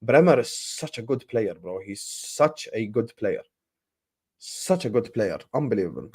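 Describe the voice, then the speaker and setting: A young man hosting a football transfer stream in casual live chat, animated and slangy, and he repeats his points. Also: on the low side, a little slow, breathy edge.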